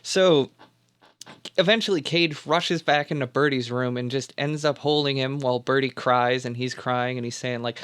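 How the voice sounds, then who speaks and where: A man's voice: mid-range voice, fairly even intonation, normal speed, fairly bright tone. A man hosting a podcast, casually recapping a film plot in a rambling, laid-back way with plenty of fillers. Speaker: podcast host.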